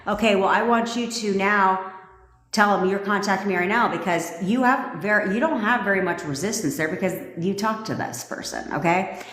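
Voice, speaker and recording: A foul-mouthed woman coaching an audience on a live stream, bossy and blunt, with a loose, joking way of talking. Her voice sits at an ordinary pitch for a woman. The room around her rings, with a long reverb trailing after each phrase. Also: moderate pace, fairly bright tone. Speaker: manifestation coach.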